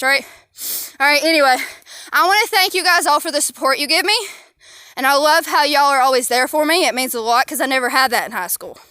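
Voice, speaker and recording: A young woman chats into a handheld phone while she walks outside with her dog. She rambles and gets sidetracked easily, and her high, bright voice sounds close and dry. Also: no room sound. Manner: rambling, chatty, easily distracted. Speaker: vlogger. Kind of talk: casual chat. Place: outdoors, walking with her dog.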